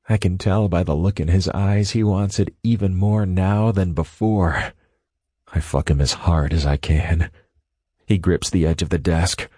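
A very low-voiced man reads a first-person audiobook, keeping a steady, measured delivery. His audiobook narration is recorded dry and close, with no room sound or echo.

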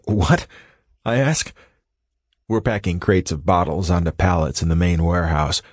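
Man, very low voice, dry close sound, steady audiobook narration. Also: moderate pace, no echo. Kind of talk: first-person audiobook narration.

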